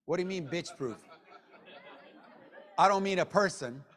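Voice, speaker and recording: A man giving a motivational sales training talk to a room of people, joking, and swinging between low mutters and loud bursts. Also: normal speed, a faint crowd. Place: meeting room with an audience. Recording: long hall reverb.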